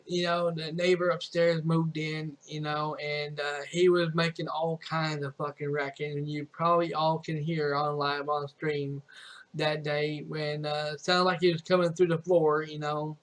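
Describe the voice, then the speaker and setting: High-voiced young man rambling through a story. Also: flat delivery, a little slow, a bit bright. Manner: rambling, many restarts and swearing. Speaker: streamer. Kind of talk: casual storytelling.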